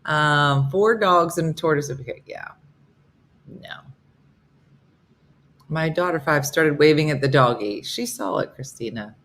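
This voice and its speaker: Chatty low-voiced woman in her fifties. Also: measured pace, pauses often, fairly bright tone. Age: 50s. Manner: chatty, joking, answers viewers by name. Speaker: host of a live morning show. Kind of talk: casual live-stream chat reading comments.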